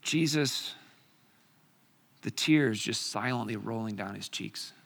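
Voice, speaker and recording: A man preaching a sermon, with dramatic pauses and rhetorical questions, swinging from loud emphasis to hushed near-whispers. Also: lowish voice, gravelly.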